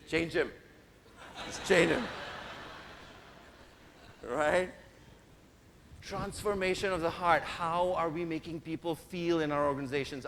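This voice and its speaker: With a slightly high, fairly bright voice, a man delivers an interactive keynote, playfully ribbing and steering his audience from a stage microphone. The large conference hall adds reverb, and faint noise is audible.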